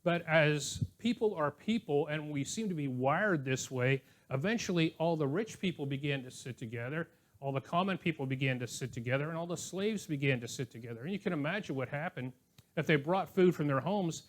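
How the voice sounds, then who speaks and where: Older man as a pastor preaching a relaxed sermon; slightly high voice, storytelling, light chuckles. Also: fairly quick. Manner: conversational, anecdotal, with chuckling asides. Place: church.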